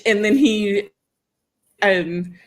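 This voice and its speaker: Very slowly and in a mid-range voice, a woman tells a story while co-hosting a podcast. The chat is casual, and she stays animated, laughing a lot and dramatizing each person's quoted lines.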